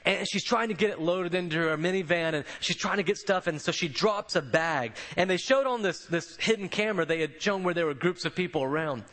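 A man's voice: high-pitched, a little fast, hardly any pauses, fairly bright tone. A man preaching a sermon, telling stories in a conversational way and often repeating words as he goes. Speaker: pastor.

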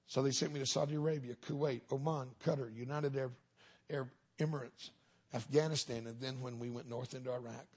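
A man's voice: mid-range voice, vocal fry, darkish tone, slightly rough. A middle-aged man, a minister giving a humorous testimony sermon in a folksy storytelling way with punchlines.

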